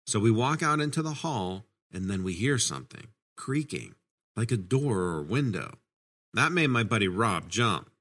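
A man's voice: fairly low pitch, a bit bright. A man narrating first-person horror stories in a casual, conversational storytelling manner.

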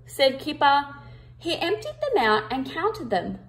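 A woman reading a picture book aloud to children, with expressive emphasis, and pausing to ask her listeners questions. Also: high voice. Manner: interactive, asks the listeners questions.

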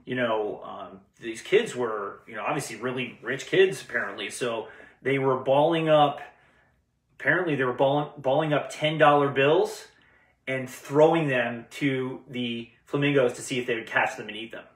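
A man's voice: medium pitch, moderate pace, far from the mic. A man hosting a vet podcast, telling cautionary tales and corny jokes in a casual chat. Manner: storytelling, lively joke delivery. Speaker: veterinarian podcast host. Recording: roomy, from off the mic.

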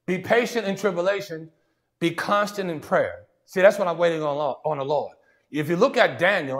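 A man preaching a sermon in a conversational way, often saying "see" and "watch this" and restarting his sentences. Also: on the high side. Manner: frequent restarts and stammered repeats.

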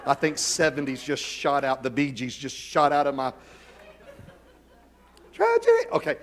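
A middle-aged man preaching a sermon as pastor, with self-deprecating humor, dropping to quiet asides and rising to loud, emphatic calls. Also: medium pitch, level tone, moderate pace, some chatter behind.

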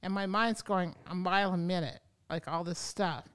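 A woman yoga teacher telling stories as an interview guest, animated and acting out the voices of people she quotes. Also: fairly low pitch, normal speed, smooth. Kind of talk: storytelling in an interview. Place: podcast studio.

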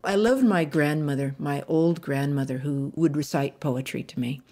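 Low, mellow-voiced woman reminiscing. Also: moderate pace. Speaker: poet. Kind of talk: reflective interview recollection.

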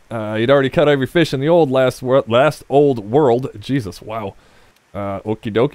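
A man's voice: on the high side, a little mellow, no echo. Rambling gamer man, dry close sound. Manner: rambling, jokey, talks to viewers. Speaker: Let's Play host. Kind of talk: casual gameplay commentary.

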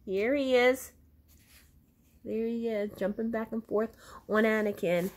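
A woman reading a children's book aloud, in an expressive way with chatty asides about the story and its pictures. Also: on the high side, a little slow. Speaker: reader.

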